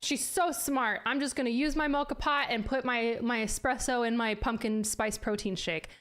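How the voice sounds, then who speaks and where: A woman's voice: on the high side, fairly even intonation, moderate pace, fairly bright tone. Laughing, self-mocking woman streamer. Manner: playful, laughs often, swears casually; self-mocking, trips over words. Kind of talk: casual chat.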